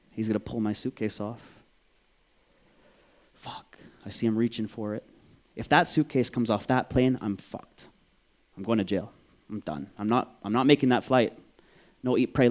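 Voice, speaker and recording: A man from Vancouver, Canada tells a personal story on stage, animated and profane, acting out the voices in a mid-range voice.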